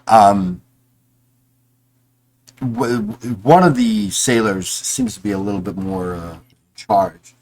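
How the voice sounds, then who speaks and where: Game master, male, low voice, halting delivery with restarts, live tabletop session. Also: darkish tone, a little hiss or hum. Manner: hesitant, many restarts and fillers; puts on quick voices for soldiers.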